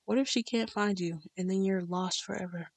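A woman's voice: medium pitch, steady tone, moderate pace, no room sound, natural voice. A woman voicing an unimpressed female toy rat who scolds in a sarcastic tone. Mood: scornful.

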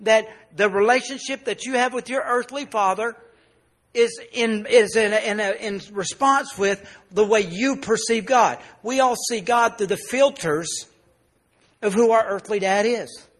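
A male pastor preaching a sermon, telling a personal story and dropping soft and low in the emotional parts. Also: measured pace.

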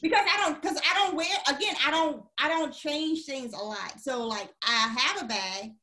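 Bright-voiced woman in an echoey room. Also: sits high, normal speed. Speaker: podcast co-host. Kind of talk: casual chat.

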